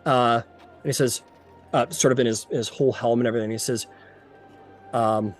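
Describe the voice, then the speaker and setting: A man's voice: mid-range voice, fairly even intonation, normal speed, long pauses, faint music behind. A young man narrating a tabletop game as game master, loose and full of fillers.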